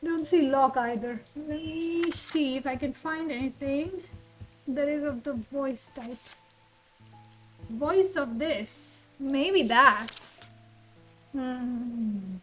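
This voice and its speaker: Brief: woman gamer, high voice, unhurried, quietly thinking out loud over soft music. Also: poor audio. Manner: thinks aloud, muses softly. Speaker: game streamer. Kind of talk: blind game playthrough commentary.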